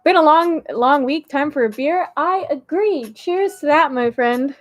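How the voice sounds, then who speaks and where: A woman chats casually on a relaxed live stream, answering her viewers one by one. Her voice sits high, and her manner is bubbly and friendly, with frequent laughter between lines. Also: unhurried, soft background music. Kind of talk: casual chat reading a live chat.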